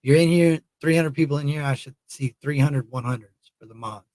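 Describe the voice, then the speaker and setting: A man's voice: on the high side, a little fast, darkish tone, no room sound, rough recording. A tired man hosting a casual live stream in a laid-back, rambling way, thanking his chat. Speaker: host.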